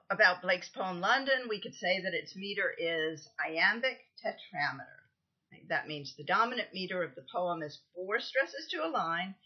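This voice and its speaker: Woman lecturing, husky lowish voice, kinda muffled lo-fi recording, lots of ums. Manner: explanatory, counts out stresses, frequent ums. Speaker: literature lecturer.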